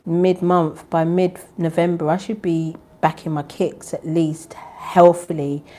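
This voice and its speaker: A woman hosting her own spiritual channel. She chats casually with viewers and leads a spoken prayer, keeping her voice soft and low. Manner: deliberately soft, low-volume talk; chatty and animated, with bursts of laughter. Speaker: spiritual channel host and tarot reader.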